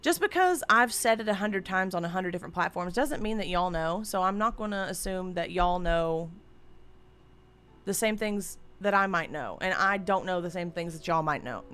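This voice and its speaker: A woman's voice: on the low side, expressive, moderate pace, fairly bright tone, clean tone. A woman streamer chatting casually and candidly into a desk microphone at home, rambling and swearing freely. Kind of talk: casual live-stream chat.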